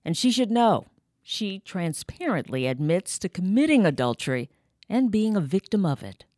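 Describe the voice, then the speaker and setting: Woman podcast host reading an intro, lively up-and-down voice, dry sound. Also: medium pitch, normal speed, dry recording. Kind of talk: scripted introduction.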